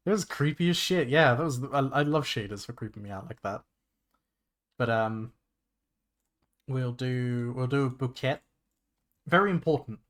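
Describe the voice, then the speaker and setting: Excitable rambling man streaming a game. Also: medium pitch, normal speed, pauses often. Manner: rambling, excitable, swears often, many restarts. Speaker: VTuber streamer. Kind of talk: casual gaming livestream chat.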